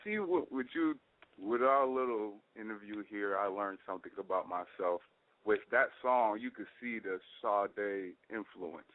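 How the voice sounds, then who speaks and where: A man's voice: on the low side, moderate pace, no echo. Easygoing man on a phone line. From Brooklyn, New York. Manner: easygoing, chuckles often. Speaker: guest artist. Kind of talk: casual phone interview.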